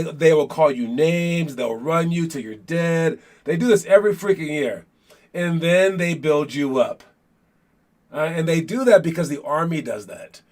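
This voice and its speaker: A man coaching basketball, talking casually to viewers in a rambling way, with many fillers and repeated words. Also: fairly high pitch. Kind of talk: casual livestream talk.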